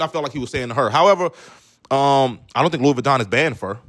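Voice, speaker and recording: A man's voice: mid-range voice, fast talker, a bit bright. A male comedian giving loose, joking reaction commentary full of slang and asides. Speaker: comedian, video host.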